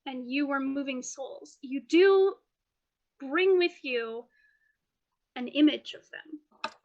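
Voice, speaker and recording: A woman narrating a tabletop game as game master in a lively, playful way. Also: high voice, slow, lo-fi sound.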